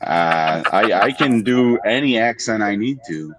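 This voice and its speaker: A man's voice: fairly low pitch, lively intonation, measured pace, low-quality recording. A man with a Boston accent, laid-back and jokey in casual podcast banter. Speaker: podcast co-host and wrestler.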